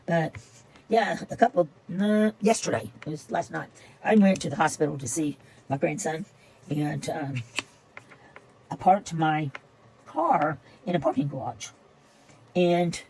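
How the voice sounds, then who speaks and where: A woman's voice: low voice, dark tone, breathy edge, rough recording. An older woman, chatting casually and rambling as she tells a story while she crafts at home. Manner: rambling, chatty, repeats herself. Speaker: paper-craft vlogger.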